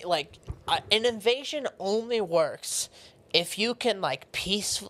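A woman's voice: mid-range voice, lively intonation, slow, fairly bright tone. An American woman co-hosting a podcast in casual chat, rambling with many fillers, swearing freely and laughing often. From United States. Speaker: podcast co-host.

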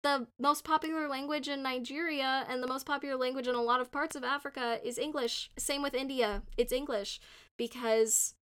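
A woman's voice: high voice, fairly even intonation, moderate pace, fairly bright tone, clean tone. A young woman co-hosting a podcast, talking in a rambling, casual way, full of "like" and restarts. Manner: rambling, heavy use of "like", frequent restarts. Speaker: podcast co-host. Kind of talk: casual discussion.

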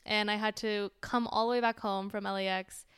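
Animated young woman telling a story. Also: medium pitch, brisk, smooth. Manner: animated, acts out quotes, swears casually. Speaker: podcast co-host. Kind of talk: casual storytelling chat.

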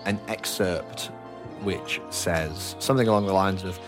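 A man's voice: fairly low pitch, normal speed, faint music behind. A man narrating as game master in an easygoing, hesitant manner. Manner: easygoing, hesitant, many fillers and restarts.

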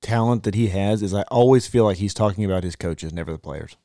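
A man's voice: fairly low pitch, fast, mellow, no echo, studio quality. A man co-hosting a casual sports podcast, talking in a laid-back, hedging way that trails off. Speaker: podcast co-host.

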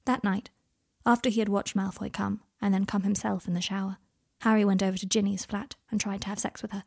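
A woman narrating a fan fiction story aloud in a plain, steady storytelling manner. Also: mid-range voice, a little fast, creaky, breathy edge.

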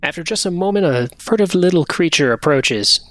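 A man running a tabletop game as game master, narrating scenes in a relaxed conversational way. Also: fairly high pitch, a little fast, no echo.

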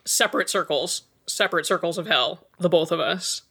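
A woman in a casual podcast chat, teasing in a deadpan way. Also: fairly low pitch, moderate pace, husky.

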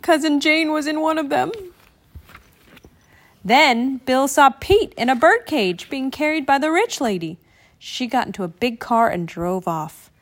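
Brief: woman reading a picture book aloud, slightly high, animated. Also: a little slow. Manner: expressive, animated read-aloud. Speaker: storybook reader.

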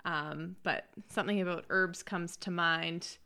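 A woman co-hosting a podcast who speaks in a gentle, hesitant way. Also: lowish voice, steady tone, measured pace, gravelly. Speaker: podcast co-host. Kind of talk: casual conversation.

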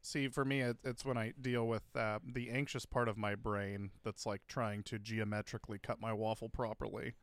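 A man co-hosting a casual comedy podcast, ranting emphatically with profanity and sudden loud bursts. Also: lowish voice, flat delivery, normal speed, hardly any pauses, no echo. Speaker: podcast co-host.

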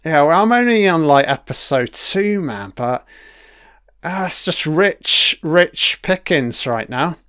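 A man's voice: on the high side, expressive, slow pace, sharp tone, clean tone, dry recording, studio quality. A man giving a casual commentary on a TV episode, chatty and swearing freely, laughing along as he watches.

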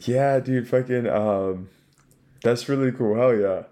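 Laid-back young man with a dark voice. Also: mid-range voice, slow. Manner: laid-back, swears freely, says bro a lot. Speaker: podcast host. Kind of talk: casual chat.

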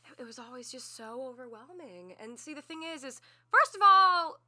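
A young woman from Texas co-hosting a podcast, telling stories in a casual, animated way. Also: high-pitched, moderate pace. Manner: animated storytelling with bursts of laughter. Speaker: podcast co-host. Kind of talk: casual chat.

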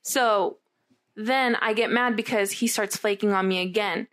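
A woman's voice: medium pitch, steady tone, measured pace, fairly bright tone. A young adult woman telling a candid personal story in casual chat, rambling and filling her talk with "like". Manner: rambling, heavy use of "like", candid and swearing.

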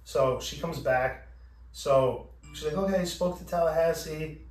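Unhurried and fairly high-pitched, the man hosting this podcast recounts a story in a casual way, packed with swearing, performing both people in the exchange. The sound is echoey, as he's far from the microphone.

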